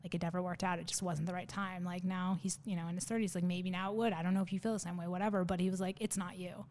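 A woman's voice: on the low side, level tone, quick pace, darkish tone. A woman in her thirties, a podcast guest, telling a personal story in a nervous, rambling way with many fillers and restarts. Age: 30s.

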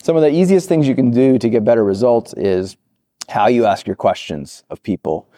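A man giving an interview on product work, talking animatedly and acting out the people he quotes in quick voices. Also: medium pitch, no echo, studio quality. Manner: animated, acts out quoted reactions. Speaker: product management guest. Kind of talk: interview answers.

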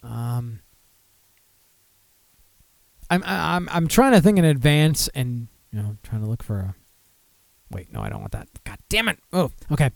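A man's voice: mid-range voice, wildly swooping pitch, measured pace, vocal fry, pauses often, no room sound, studio quality. A man hosting a casual live beer podcast, rambling to himself and breaking into mock-outraged outbursts. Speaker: podcast host. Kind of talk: casual live show chat.

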